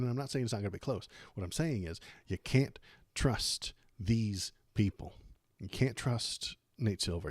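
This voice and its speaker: A man's voice: mid-range voice, darkish tone. A man hosting a political livestream, giving sarcastic, exasperated commentary.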